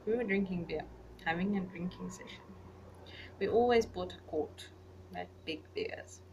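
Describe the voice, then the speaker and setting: A young woman vlogger casually recounting personal memories, rambling and getting animated when she retells conversations. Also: on the low side, moderate pace. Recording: voice a little far from the mic, faint background noise.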